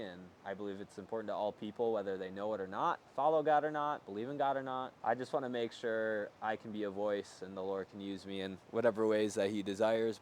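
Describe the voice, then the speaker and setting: A man's voice: lowish voice, a little hiss or hum. A man telling a personal faith story as a vlogger, earnest and loose, with lots of "like" fillers. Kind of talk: personal testimony to camera.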